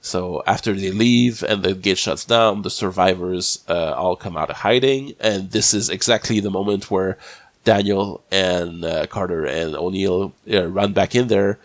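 A podcast host with a deep voice and a slight cold recaps a TV episode in casual chat, rambling, halting and restarting often. There's no echo on the recording.

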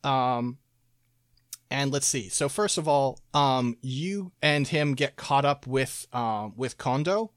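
A man's voice: mid-range voice, takes it slowly, no room sound. A man in a middle register tells a game plot in a loose, rambling way. He keeps breaking into laughs and quoting characters. The sound is dry and close. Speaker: podcast co-host recapping a game. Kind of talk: casual chat.

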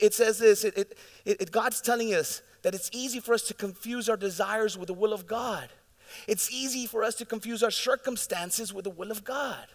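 A man preaching a sermon as pastor, telling the story in a lively, casual way and acting out the scenes. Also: high voice. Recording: long reverb of a large hall.

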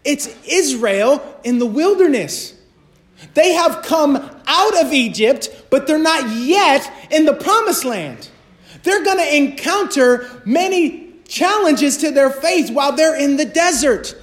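A man preaching a sermon as a pastor, passionate and repetitive, rising to shouts. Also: very high voice, animated, slow.

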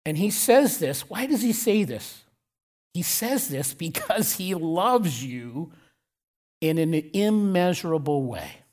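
Delivering a church sermon, this man is blunt and direct, with a fairly high pitch and a darkish tone. He repeats his key lines and slows his pace to lower his voice on crucial words.

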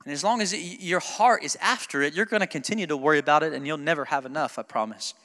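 A man's voice: a little high, quick pace, bright, forceful tone, long reverb tail. A male pastor preaching a sermon in a conversational, joking way that builds to emphatic preaching, recorded in a church sanctuary.

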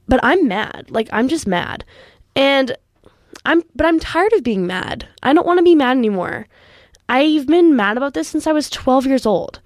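A woman's voice: a little high, no room sound, studio quality. A young woman in her late teens hosting a youth radio show, talking in an earnest, frustrated, impassioned way and saying "like" often. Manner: frustrated, earnest, heavy use of "like". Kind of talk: impassioned personal commentary.

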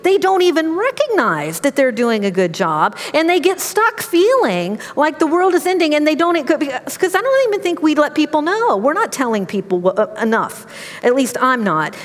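Middle-aged woman preaching in a reverberant hall. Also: sits high. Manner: conversational storytelling, animated. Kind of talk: sermon with personal stories.

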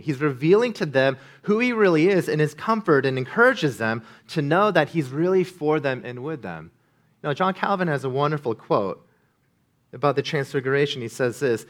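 A man preaching a sermon as pastor, earnest, swinging from loud to hushed. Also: a little high, expressive, moderate pace.

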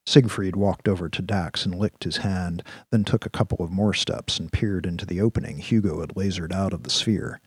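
Deep, husky-voiced male narrator. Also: no echo. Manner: steady storytelling. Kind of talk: scripted audiobook narration.

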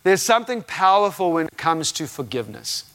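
Animated man preaching a sermon. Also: a little high, brisk. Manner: animated storytelling, acts out his own reactions with laughing outbursts.

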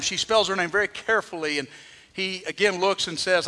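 Pastor, male, high bright voice, dramatic sermon delivery, long church-hall reverb. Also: a little fast. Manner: preaching with dramatic shifts, acting out quoted voices.

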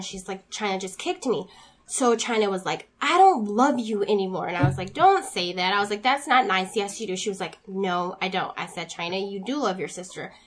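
Woman, casual chat, animated storytelling, mid-height voice. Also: mid-range voice. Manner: animated storyteller, acts out family dialogue.

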